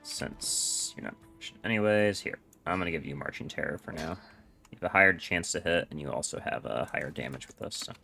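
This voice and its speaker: A man's voice: rumbling low, brisk, creaky, bright, forceful tone, soft background music. A man casually commenting while he plays a role-playing game, swearing and explaining game mechanics.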